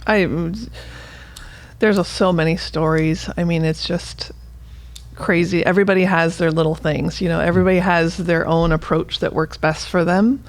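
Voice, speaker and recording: Gravelly-voiced woman, earnest and expressive. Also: fairly low pitch, normal speed. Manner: earnest, expressive, laughs easily. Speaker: physical therapist guest. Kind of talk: casual conversation.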